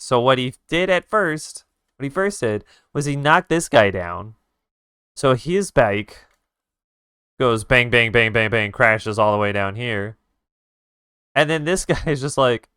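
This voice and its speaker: Profane, animated male streamer. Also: mid-range voice, unhurried, clean tone, no room sound, clean studio sound. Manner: animated, profane retelling with sound effects. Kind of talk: casual storytelling while drawing on stream.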